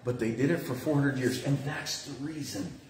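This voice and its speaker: A man giving a sermon as pastor, telling a story in an animated way with lively swings in his voice. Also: mid-range voice, moderate pace. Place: church room. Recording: roomy echo with faint noise.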